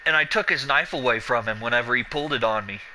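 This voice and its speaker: A man's voice: medium pitch, quick pace, background noise. A man chatting casually over gameplay, swearing freely and acting out the people in his stories. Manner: profane, animated, acts out quoted dialogue. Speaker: gameplay commentator. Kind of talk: casual let's-play chat with storytelling.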